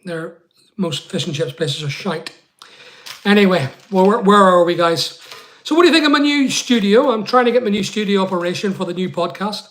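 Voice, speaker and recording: Blunt, rambling man with a high voice. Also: animated, a little fast, fairly bright tone. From Scotland. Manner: blunt, swears casually, rambling asides. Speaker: live stream host. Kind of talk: casual live chat answering viewers.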